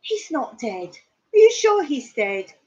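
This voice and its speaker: A woman's voice: high-pitched, very animated, slow, a little mellow, pitched above the performer's own voice, heavily acted. A woman voicing an indignant pet owner in a spoken joke, insistent and demanding, over a dull lo-fi recording. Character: indignant woman refusing her duck is dead.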